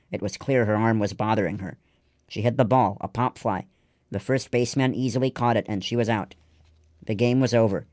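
A man reading a children's story aloud in steady scripted narration. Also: fairly low pitch, dry recording, studio quality. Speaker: audiobook narrator.

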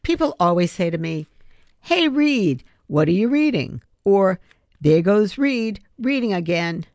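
A woman's voice: medium pitch, sing-song, unhurried, darkish tone, no echo, pitched above the performer's own voice. A woman voicing a grumpy, touchy boy new to the neighborhood, speaking in a sulky, defensive way.

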